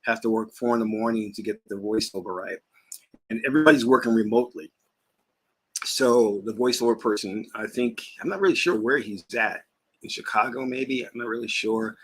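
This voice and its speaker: Husky low-voiced man chatting casually. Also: brisk, a bit bright. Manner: rambling, chatty, laughs while talking. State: talking while eating. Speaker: spiritual teacher and channel host. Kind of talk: casual vlog chat.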